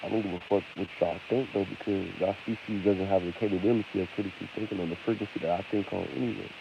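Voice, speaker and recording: A man's voice: deep voice, steady tone, fast, vocal fry. A man ranting unscripted to his viewers, profane, rambling and combative. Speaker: vlogger. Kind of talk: unscripted rant to camera. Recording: hissy lo-fi home recording.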